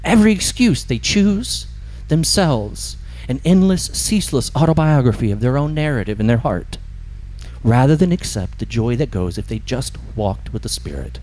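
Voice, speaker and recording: A man preaching a sermon in an animated, emphatic storytelling manner. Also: on the high side. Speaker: pastor.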